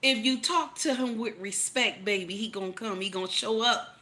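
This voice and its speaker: A woman giving animated relationship advice, emphatic and repetitive, firing rhetorical questions at her audience. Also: a little high, normal speed. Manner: emphatic, repeats lines for effect, teasing rhetorical questions. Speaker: relationship commentator.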